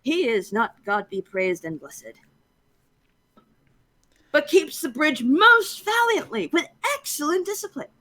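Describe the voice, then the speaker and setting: A woman's voice: high-pitched, sing-song, unhurried, long pauses, bright, forceful tone, voice pushed up, heavily acted. A woman reading a long-winded, earnest army captain in a casual live-streamed Shakespeare reading, lecturing in a wordy, fussy way.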